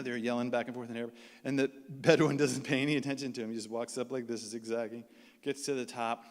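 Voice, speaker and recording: Animated male storyteller in a reverberant hall. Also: medium pitch, a little fast. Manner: animated, acts out the people he quotes. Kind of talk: live personal storytelling.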